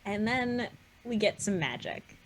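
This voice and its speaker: A woman co-hosting a podcast, chatting casually with frequent laughs and quick enthusiastic asides. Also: mid-range voice, big pitch swings, slight background noise. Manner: warm agreement, giggly, quick asides. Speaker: podcast co-host. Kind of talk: casual discussion of an animated series.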